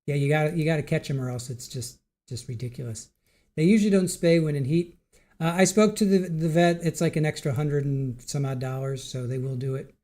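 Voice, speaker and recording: Mellow-voiced man chatting on a livestream. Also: a little high, brisk. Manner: rambling, relaxed, reads viewer comments aloud. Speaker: livestream host. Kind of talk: casual live-stream chat.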